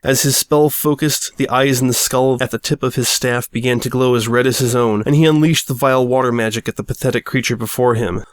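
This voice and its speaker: A man's voice: medium pitch, fairly even intonation, a little fast, few pauses, no echo, clean studio sound. A man narrating a story aloud with a wry, mock-dramatic delivery. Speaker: audiobook reader.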